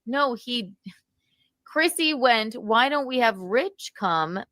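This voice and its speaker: A woman's voice: a little high, lively intonation, slow pace, fairly bright tone, dry recording. A woman hosting a livestream, chatting and gossiping with lots of laughs, swearing and mocking impressions. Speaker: host. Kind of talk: casual gossip commentary on a livestream.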